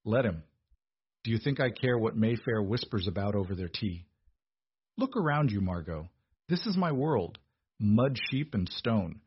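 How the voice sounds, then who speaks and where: Gruff gravelly 40-something guy, protective, low husky rumble , narrator doing the voice, dull dry audio. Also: lively intonation, measured pace. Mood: defiant. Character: gruff, protective man in his forties.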